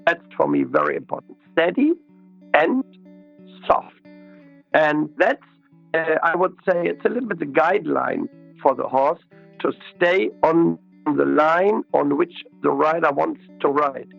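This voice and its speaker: A man, a riding expert being interviewed, explaining slowly and methodically and repeating his key words. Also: a little high, gravelly, highs cut off, soft background music.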